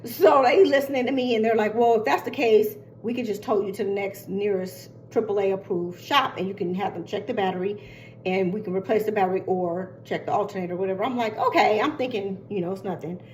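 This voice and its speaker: An older woman casually telling a long story, chatty and animated, acting out what others said. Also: mid-range voice, a little fast, slight background noise. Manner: chatty, animated retelling with quoted voices.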